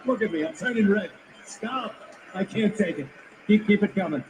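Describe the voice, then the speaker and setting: A man voicing a smug male cartoon mouse showman, mock-modest as he basks in applause, in an animated film clip. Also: high voice, normal speed. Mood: basking. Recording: roomy film clip with noise.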